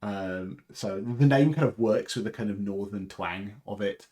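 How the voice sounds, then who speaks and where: A man's voice: on the low side, measured pace, dark tone. A man hosting a casual livestream chat, rambling and chatty with fillers and laughs. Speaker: livestream host.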